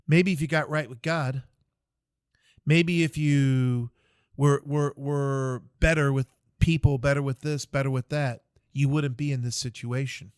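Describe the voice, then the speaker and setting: A man's voice: mid-range voice, steady tone, measured pace, clear, resonant tone, no room sound, lightly acted. A man voicing a stern army chaplain who lectures and scolds, told as part of a story in a dry-sounding recording. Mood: scolding.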